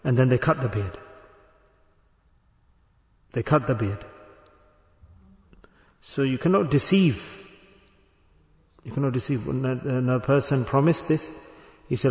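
A man's voice: medium pitch, a little slow, long pauses, a little mellow. Earnest preaching man in echoey hall. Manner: earnest, repetitive preaching with bursts of emphasis. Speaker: Sufi teacher. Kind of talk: sermon.

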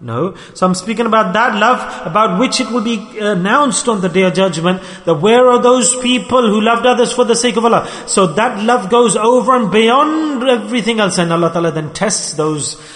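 A man's voice: high-pitched, a little fast, few pauses, fairly bright tone. A middle-aged man preaching a sermon, telling stories and acting out the dialogue. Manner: storytelling, acts out dialogue, rising and falling delivery. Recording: echoey hall with long reverb.

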